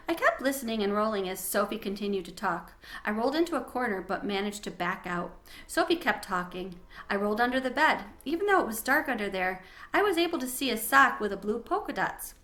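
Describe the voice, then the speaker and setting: A woman reading a children's chapter book aloud in an expressive, gentle way. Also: mid-range voice, a little fast. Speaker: storybook reader.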